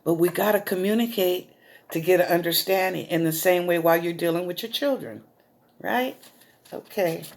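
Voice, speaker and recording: With a fairly low pitch, vocal fry, and normal speed, a middle-aged woman hosts a psychic talk show. She's tearful and choked up, speaking folksily and emotionally and referring to viewers as y'all.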